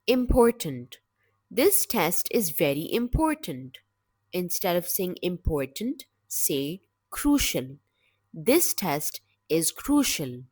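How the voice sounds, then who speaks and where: A woman teaching English vocabulary in a slow, deliberate scripted lesson, with measured, clear word-by-word delivery. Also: fairly low pitch, big pitch swings, darkish tone, dry recording, studio quality.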